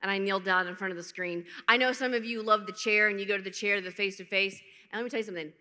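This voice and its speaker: Woman conference speaker, animated comic storyteller acting out quotes, bright tone, echoing auditorium. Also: medium pitch, quick pace. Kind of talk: testimony talk to a large audience. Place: large conference hall. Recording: long hall reverb.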